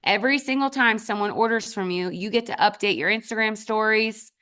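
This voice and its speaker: A woman in the middle of her usual pitch gives a motivational sales training to a team. She speaks in punchy direct commands and jumps sharply up in pitch when she stresses a point. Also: a little fast, a bit bright, clear, resonant tone. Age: adult with children. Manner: emphatic and punchy, with sudden leaps up in pitch for stress; addresses the audience directly in short commands.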